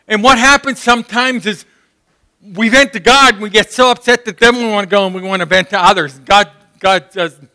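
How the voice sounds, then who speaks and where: A man preaching a sermon, impassioned and rising to shouts when he acts out prayers. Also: sits high. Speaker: pastor.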